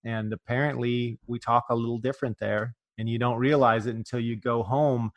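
A man's voice: medium pitch, fairly even intonation. A man from rural California hosting a casual podcast interview, joking and laughing easily with his guest. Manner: jokey, quick to laugh. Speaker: podcast host.

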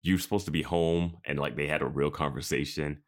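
A man co-hosting a podcast, chatting in a rambling, animated way. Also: a bass voice, a little fast. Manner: animated, rambling, bursts of laughter. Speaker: podcast co-host. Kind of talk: casual chat.

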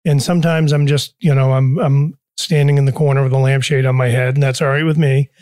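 An older male business owner talks haltingly as a guest, slipping in dry, self-deprecating jokes. The sound is close and dry, with no room echo. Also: mid-range voice, level tone, a little mellow, clean tone. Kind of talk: casual interview chat.

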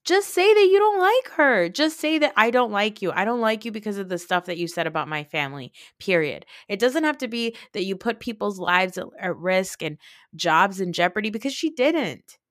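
Animated, swearing woman podcast host. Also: medium pitch, normal speed, dry recording, studio quality. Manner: animated, exasperated, swears freely. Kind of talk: casual recap chat.

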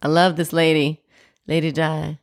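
A woman's voice: deep voice, flat delivery, moderate pace. Bubbly goofy woman co-host. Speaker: podcast co-host. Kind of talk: casual chat.

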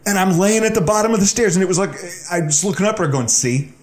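With a high-pitched voice and a fast delivery, a thirtysomething podcast co-host from around Buffalo, New York tells a funny story, keeping it casual and laughing as he goes.

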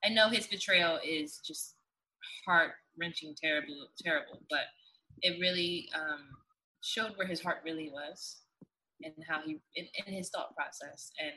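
Bright-voiced actress woman, earnest. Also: sits low, unhurried, rough recording. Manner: earnest, emotional storytelling with many fillers. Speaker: actress guest. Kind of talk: casual interview chat.

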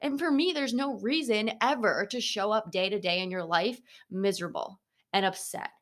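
A young woman hosting a motivational podcast, talking bluntly and swearing freely, with animated asides. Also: mid-range voice, moderate pace. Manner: animated, slips into mocking voices of others. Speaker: podcast host.

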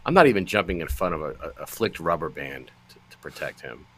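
A man co-hosting a casual movie podcast, riffing through absurd rambling bits with a deadpan delivery. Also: deep voice, fast. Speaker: podcast co-host. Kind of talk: casual chat.

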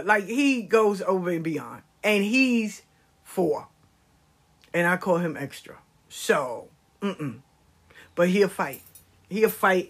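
A middle-aged woman telling comedic stories in a casual, animated way, swearing freely. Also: medium pitch, slightly rough. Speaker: storyteller.

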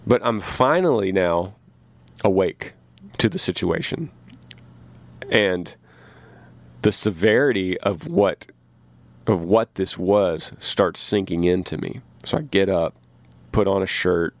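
Low-voiced man telling a story. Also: dry recording. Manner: animated, rises in pitch when recounting confusion. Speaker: touring musician. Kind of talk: casual storytelling podcast. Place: tour bus. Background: train passing.

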